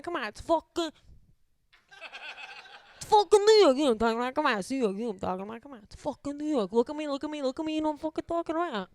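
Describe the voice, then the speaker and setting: A woman voicing a pushy New York relative who rants fast and swears between boasts. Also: very high voice, fairly bright tone, dry recording, clean studio sound. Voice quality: rapid, swearing, boastful patter. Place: comedy club stage.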